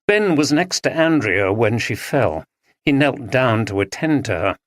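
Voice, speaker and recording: A man reading a story aloud as an audiobook narrator, with expressive storytelling. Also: mid-range voice, a little slow, no echo, clean studio sound. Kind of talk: scripted narration.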